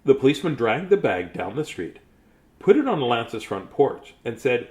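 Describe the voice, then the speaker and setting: A man's voice: mid-range voice, sing-song, normal speed, darkish tone. A man reading a picture book aloud, chuckling and adding chatty asides to the listeners. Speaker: storybook reader.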